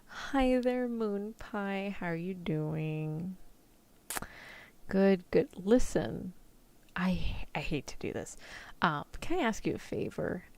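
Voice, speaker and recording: A woman voicing a sick young human woman talking softly to her vampire boyfriend, in a whispered role-play. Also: medium pitch, lively intonation, takes it slowly, creaky. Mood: apologetic. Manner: soft, apologetic, affectionate. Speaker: vtuber.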